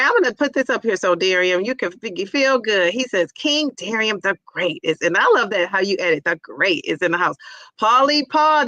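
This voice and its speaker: Woman, middle-aged, livestream host, chatty, laughs often, bright tone, dry close sound. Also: on the high side, no echo. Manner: chatty, laughs often, greets viewers warmly by name. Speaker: livestream host reading chat. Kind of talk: casual live chat.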